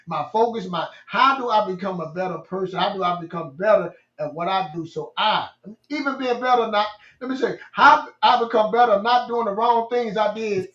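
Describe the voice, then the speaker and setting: A man's voice: sits high, normal speed, hardly any pauses, a bit bright, roomy sound, lo-fi sound. A man co-hosting a casual motivational faith talk, emphatic and preachy, telling stories with repeated phrases.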